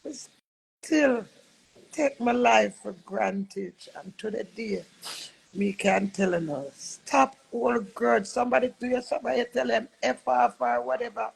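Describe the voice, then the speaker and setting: Jamaican woman, live-stream monologue, gravelly husky voice, earnest, tearful. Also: fairly high pitch, a little slow, poor audio. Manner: earnest, preachy, switching between patois and English. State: recovering from illness, tearful. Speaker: livestreamer.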